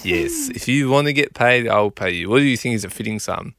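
Brief: man voicing mild detective, soft and bright. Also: medium pitch, huge pitch swings, dry recording, clean studio sound. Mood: mock-official. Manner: talks from the front of the mouth, quiet and halting. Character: soft-spoken middle-aged male homicide detective.

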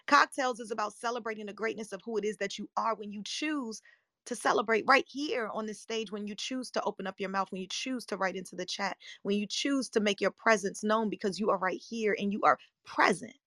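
A woman's voice: medium pitch, fairly bright tone, dry recording, clean studio sound. Scratchy-voiced woman coach, upbeat. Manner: upbeat, emphatic, rhetorical check-ins. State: slightly hoarse, scratchy. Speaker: life coach and live-room host. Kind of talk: motivational talk.

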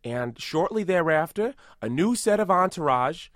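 A boastful, rambling tough-guy movie star, as a man puts him on for an improvised comedy podcast. He delivers absurd claims with a straight face, in a slightly higher voice than most men. The sound is dry and close. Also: moderate pace, no room sound. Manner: rambling, self-aggrandizing, deadpan absurd.

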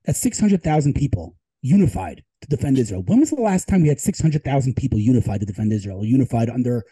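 A man in an interview, a tech advisor telling emphatic, animated stories. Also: mid-range voice, fast talker, slightly rough, poor audio. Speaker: guest, tech advisor and Israel advocate. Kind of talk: storytelling interview talk.

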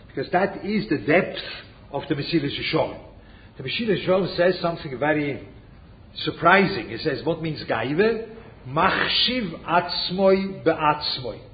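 A man giving an informal religious lesson, full of rhetorical questions and Hebrew and Yiddish terms, who keeps checking in with his listeners. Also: a little high. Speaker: Torah teacher. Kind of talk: informal lecture on a religious text. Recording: dull lo-fi recording with faint noise.

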